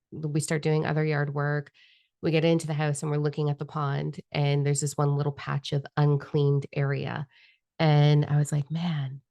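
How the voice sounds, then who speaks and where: Woman vlogger, low voice with fry, casual self-mocking storyteller. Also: a little mellow, no echo, studio quality. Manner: chatty, self-deprecating, laughs often. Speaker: spiritual vlogger.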